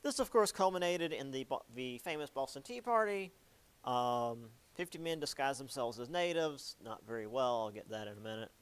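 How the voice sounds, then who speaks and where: A man's voice: mid-range voice, expressive, normal speed, smooth. A young man giving a casual history lecture, chatty and jokey, with many ums and likes.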